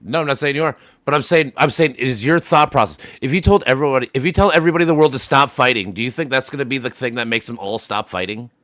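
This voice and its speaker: A man's voice: mid-range voice, fast, hardly any pauses, a bit bright, no echo, clean studio sound. A man streaming a casual voice chat, arguing heatedly, swearing often and repeating himself as he presses his point.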